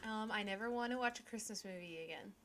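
A woman's voice: mid-range voice, fast, fairly bright tone. A woman co-hosting a casual podcast chat, giggly and rambling, often restarting her sentences. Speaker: podcast co-host.

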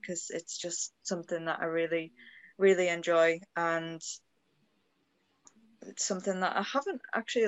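A woman from North East England speaks casually as a podcast guest, with dry, self-mocking humor. Her voice sits a little low and sounds close and dry, with no room around it. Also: dry recording, dull audio. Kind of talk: casual chat.

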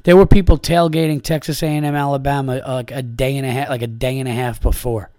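A man's voice: medium pitch, fairly even intonation, quick pace, darkish tone, no room sound, clean studio sound. A man from upstate New York hosting a comedy podcast in casual chat, rambling and profane, with lots of fillers.

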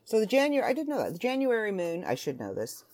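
A woman's voice: mid-range voice, huge pitch swings, fast, a little mellow. A woman hosting a casual solo podcast from home, chatting in a rambling, self-interrupting way. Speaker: podcast host.

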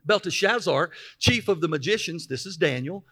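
A man's voice: fairly high pitch, lively intonation, normal speed, hardly any pauses, bright, forceful tone, husky. A man preaching a sermon, reading scripture aloud and stopping to explain it with emphatic asides. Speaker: pastor.

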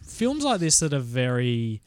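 A young man bantering about a film on a podcast, blunt and quick to joke. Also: medium pitch, huge pitch swings, darkish tone, no room sound. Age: young adult. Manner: jokey, quick to laugh, blunt. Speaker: podcast co-host. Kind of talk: casual film discussion.

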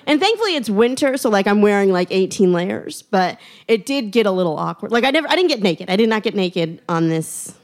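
A young woman tells a personal story in a lively, self-mocking way. She often laughs through her own lines as she builds the tale. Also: mid-range voice, a little fast, few pauses.

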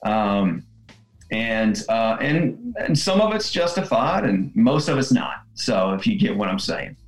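A man guest, a salon owner, telling heartfelt stories in relaxed conversation. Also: on the low side, measured pace. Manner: earnest, heartfelt. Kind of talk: conversational storytelling. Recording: roomy echo, faint music.

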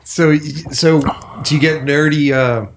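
A man's voice: fairly high pitch, fairly even intonation, unhurried, a little hiss or hum. A man hosting a casual podcast interview, laid-back and curious, laughing easily and swearing casually. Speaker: podcast host.

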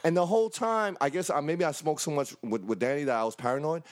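A man and actor telling an animated, profane story in casual chat, acting out the voices. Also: a little high, fast talker.

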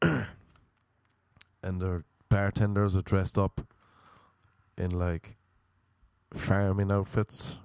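Irish male podcast host, young adult, lowish voice, dry close sound; sardonic, sweary ranting delivery. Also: a little mellow, no room sound. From Ireland. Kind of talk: casual comedic monologue.

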